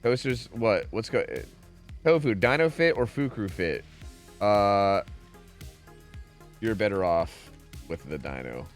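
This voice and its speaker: A young man streaming a game, talking casually and swearing often. His pitch swings widely from low mutters to high yelps, and faint music plays behind him. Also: expressive, takes it slowly, long pauses. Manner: profane, rambling, reacts loudly to chat. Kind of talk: casual gaming stream chat.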